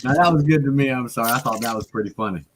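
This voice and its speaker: A man's voice: mid-range voice, very fast, noisy background. A man hosting a casual chat, joking around with crude humor and laughing often. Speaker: host.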